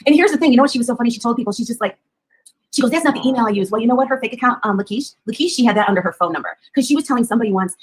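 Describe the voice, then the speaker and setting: A woman hosting a casual stream, telling a gossip story in a rapid, insistent way and piling on details. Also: a little high, expressive, low-quality recording.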